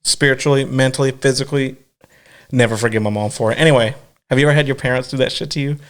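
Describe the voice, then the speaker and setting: A man co-hosting a podcast, telling a story in a crude, animated way, acting out other people's voices and laughing often. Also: medium pitch, quick pace. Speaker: podcast co-host. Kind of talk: casual chat, storytelling.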